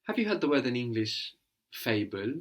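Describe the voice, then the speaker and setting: A man's voice: medium pitch, very animated, normal speed. A man teaching a language lesson, patiently explaining words and prompting his student to translate.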